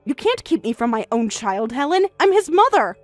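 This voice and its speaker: Shrill, insistent middle-aged mother, read by a woman, high and swooping, soft music behind. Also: sing-song, moderate pace. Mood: defensive.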